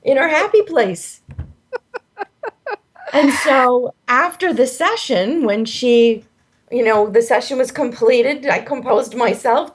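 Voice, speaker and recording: Woman telling stories as an interview guest. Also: fairly high pitch. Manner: animated storyteller, acts out quoted voices. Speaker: guest, hypnosis healing practitioner. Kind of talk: conversational interview storytelling.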